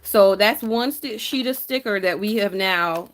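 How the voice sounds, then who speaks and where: A woman's voice: medium pitch, a little slow. A woman, chatting casually with her live chat as she decorates her planner, teasing viewers and laughing often.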